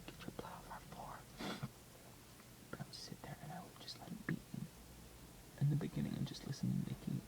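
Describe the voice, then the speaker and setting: Confessional vlogger, mid-pitched and gravelly, whispery, emotional swings. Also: rough recording. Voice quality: hushed, often whispered delivery. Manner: emotional, swings from hushed to loud. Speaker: vlogger sharing a personal story. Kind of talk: confessional personal testimony.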